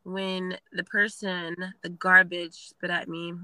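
A woman's voice: fairly low pitch, takes it slowly, clear, resonant tone, dry recording, low-quality recording. A young woman telling a story bluntly, with plenty of swearing. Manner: blunt, profane, animated. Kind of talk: casual storytelling.

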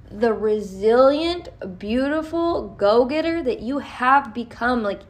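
A young woman reads tarot cards for her podcast listeners, swearing freely and cheering them on. Her voice sits a little high with a gravelly fry, and she talks slowly, drawing out her words. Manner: profane, blunt, encouraging. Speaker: tarot reader. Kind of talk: casual tarot reading podcast.

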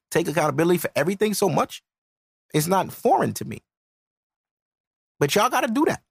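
Blunt, animated podcast rant from a man. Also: sits high, husky, no echo, studio quality. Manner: blunt, profane, lecturing. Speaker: podcast host.

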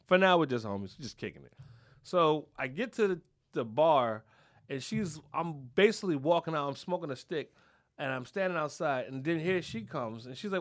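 A man's voice: on the high side, normal speed. A man hosting a podcast, telling a profane story in a casual way and acting out the people in it. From Philadelphia. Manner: profane, animated, acts out the people in his story. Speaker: podcast host.

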